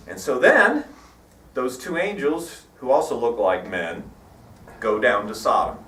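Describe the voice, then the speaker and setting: A man giving a sermon in a church, telling stories in an irreverent, wry, animated way. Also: on the high side, unhurried. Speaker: preacher. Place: church hall. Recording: echoey hall, mic at a distance.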